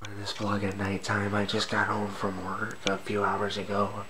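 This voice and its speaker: A man vlogging late at night at home, keeping his voice hushed and half-whispered so he won't wake the people sleeping nearby. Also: fairly low pitch, monotone, moderate pace, very noisy. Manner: hushed, half-whispered to avoid waking others. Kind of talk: quiet late-night vlog talk.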